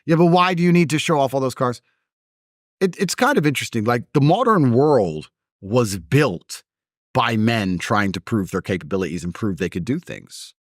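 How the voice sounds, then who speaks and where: A man's voice: moderate pace, no room sound, clean studio sound. A man in his thirties, an interview guest arguing emphatically in a heated conversation, with a mocking edge. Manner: emphatic, mocking, lively pitch swings.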